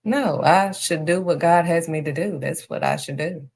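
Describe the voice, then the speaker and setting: A woman with a fairly low voice gives a faith encouragement talk on her live stream. She hammers her points home by repeating them, leaning hard on the key words. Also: normal speed, darkish tone, husky. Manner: emphatic, repeats key phrases. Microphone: streaming setup.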